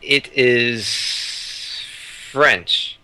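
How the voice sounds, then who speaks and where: Man, slow talker, very bright tone, hesitant rambling answers. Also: medium pitch, slight background noise, rough recording. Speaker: quiz contestant. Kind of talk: casual podcast banter.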